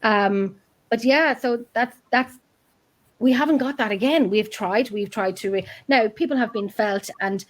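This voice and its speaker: Woman rambling on a podcast, kinda high voice, keeps cutting herself off. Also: unhurried. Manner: chatty, rambling, self-interrupting. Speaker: podcast guest, paranormal investigator. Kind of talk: casual chat.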